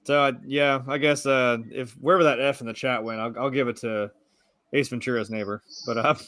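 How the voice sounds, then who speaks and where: A man's voice: medium pitch, fairly even intonation, brisk, fairly bright tone, dry recording, clean studio sound. A man co-hosting a casual movie review chat over a video call, laid-back, swearing freely and laughing often. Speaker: podcast co-host.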